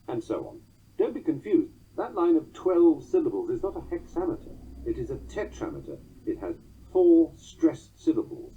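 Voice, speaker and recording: A man's voice: mid-range voice, sing-song, moderate pace, warm tone, slightly rough. A man narrating a lesson on poetic meter, reading in a rhythmic way and tapping out the beats aloud. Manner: rhythmic, sounds out metrical beats. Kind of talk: audiobook-style lesson reading. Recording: dull lo-fi recording.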